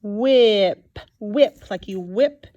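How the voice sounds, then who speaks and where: A woman teaching a phonics lesson to young children, sounding out each word slowly and clearly. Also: medium pitch, mellow, muffled recording. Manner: slow and clear, sounding out words.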